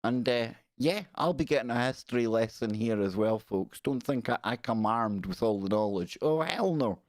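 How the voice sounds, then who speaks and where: A man's voice: medium pitch, normal speed, no room sound, clean studio sound. Chatty British man hosting a live stream. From United Kingdom. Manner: animated, chatty, jokey, reads out viewer comments. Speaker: podcast host. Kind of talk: casual live-stream chat.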